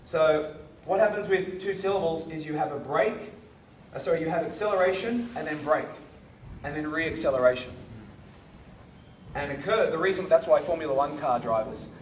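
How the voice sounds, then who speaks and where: Male karate instructor, slightly high voice, demonstrates and checks in often; distant mic, faint hiss. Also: moderate pace. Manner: demonstrating, constantly checks in with the group. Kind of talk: teaching a seminar class. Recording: echoey hall, recorded from far off.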